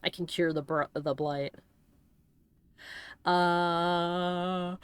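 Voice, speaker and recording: A woman's voice: on the low side, steady tone, very slow, long pauses, clean tone, no room sound. A woman giving casual, playful commentary while playing a video game, exclaiming at what happens on screen. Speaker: let's-play streamer.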